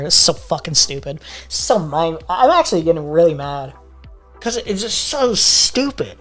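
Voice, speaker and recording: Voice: medium pitch, animated, moderate pace, faint music behind. A live commentary streamer ranting in an exasperated, profane way, often repeating words while reacting to a debate clip.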